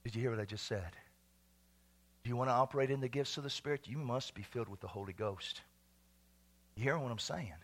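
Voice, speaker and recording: A middle-aged male pastor preaching an exuberant sermon, swinging from shouts to hushed tones and laughing often. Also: mid-range voice, fairly quick, long pauses.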